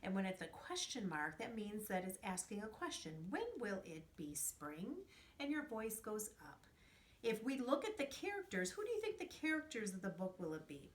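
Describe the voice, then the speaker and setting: A woman teaching young children in a remote lesson, speaking in a slow, clearly enunciated, sing-song way. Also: mid-range voice, sing-song. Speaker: preschool teacher. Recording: roomy echo, distant from mic.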